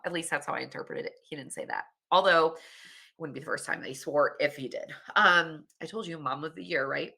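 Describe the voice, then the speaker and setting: Low-voiced bright woman telling a story. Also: creaky. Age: 30s. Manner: candid, laughing, swears freely. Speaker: podcast host. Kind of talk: casual storytelling monologue.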